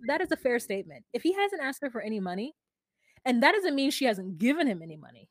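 High-voiced woman, giggly podcast chat. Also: very animated, quick pace, dry recording, studio quality. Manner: laughs often, slips into quoted voices. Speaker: podcast co-host. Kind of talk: casual chat recapping a reality show.

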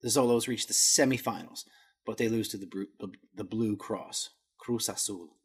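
A man's voice: on the low side, moderate pace, husky. A man hosting a podcast, walking through a footballer's career in casual talk, stumbling over Spanish words and poking fun at himself. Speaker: podcast host. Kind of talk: casual stats rundown.

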